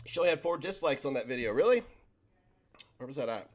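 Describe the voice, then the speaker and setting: Male commentary host, profane exasperated ranter, animated delivery. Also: mid-range voice, fast talker, slight background noise. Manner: exasperated, profane ranting with sarcastic mimicry. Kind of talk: reaction rant.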